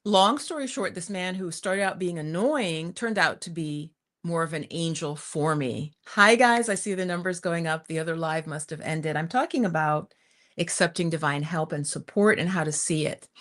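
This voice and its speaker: A middle-aged woman hosting a livestream, telling a personal story in a chatty, animated way with frequent laughs. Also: fairly low pitch, normal speed. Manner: chatty and animated, often laughing and saying "you guys". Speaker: spiritual teacher hosting a livestream. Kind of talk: live-streamed personal storytelling.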